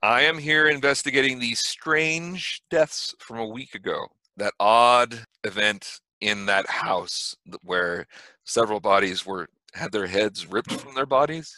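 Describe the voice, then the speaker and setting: A man voicing a mysterious stranger in a fedora, speaking in a calm, measured and coldly polite way over a video call. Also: medium pitch, no room sound.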